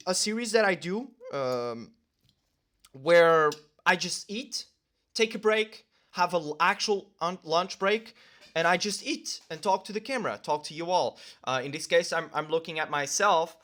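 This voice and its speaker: A man's voice: a little high, a bit bright. A young man vlogging casually to the camera while eating lunch at home, rambling with lots of fillers and talking with his mouth full.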